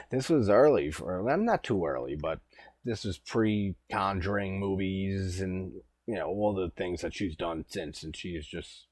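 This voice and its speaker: A man's voice: low voice, no echo, clean studio sound. A man in his thirties giving rambling, laid-back casual commentary as a host, swearing now and then. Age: 30s.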